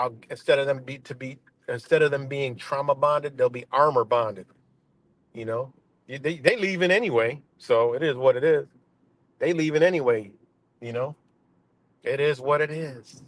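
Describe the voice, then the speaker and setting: A man on a live stream, ranting in a heated and confrontational way, swearing often and repeating himself. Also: mid-range voice. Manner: profane, confrontational, repetitive.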